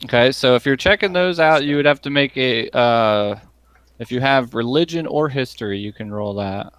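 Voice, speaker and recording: A man narrating a tabletop game as game master, pausing often with ums and likes. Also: mid-range voice, fairly bright tone, smooth, no room sound. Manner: hesitant, many ums and likes.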